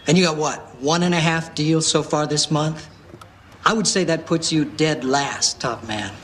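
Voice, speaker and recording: An actor playing a blunt, scolding sales manager in a TV movie. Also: male voice, a little high, moderate pace, fairly bright tone, natural voice. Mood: stern. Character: stern, cutting male sales manager. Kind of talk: TV movie acting.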